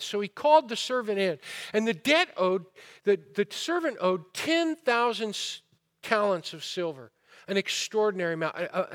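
A man's voice: high voice, a bit bright. A man preaching a sermon, asking the listeners rhetorical questions and retelling a parable with rising fervor. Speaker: pastor.

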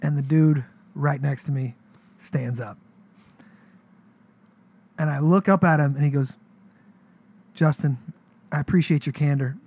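A pastor in his thirties telling a story in casual chat, animated and slangy, acting out the voices in his dialogue. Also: fairly high pitch, measured pace, long pauses, husky.

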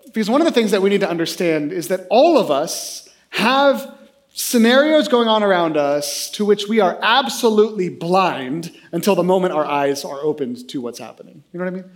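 High-voiced animated male preacher. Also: fairly quick. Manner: animated, self-deprecating storyteller. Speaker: pastor. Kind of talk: sermon with humorous story.

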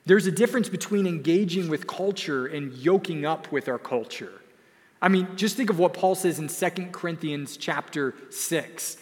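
Young man, pastor, high voice, emphatic sermon delivery, long church reverb. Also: moderate pace. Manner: earnest, emphatic preaching with repeated phrases. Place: church sanctuary.

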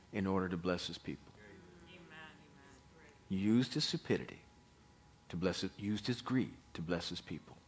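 A man preaching a sermon and telling a Bible story in an animated manner, swinging between loud and hushed. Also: sits low, slightly rough.

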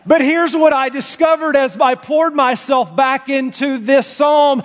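A man preaching a sermon in a church, emphatic, swinging between loud and hushed delivery. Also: extremely high pitch, steady tone, a little slow, hardly any pauses. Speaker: pastor. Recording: long reverb from a large room.

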